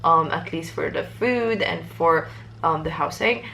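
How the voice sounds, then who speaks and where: A young woman from Morocco, an exchange student, chatting casually and excitedly to the camera with lots of fillers. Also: low-pitched, measured pace, gravelly, slight background noise. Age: young adult.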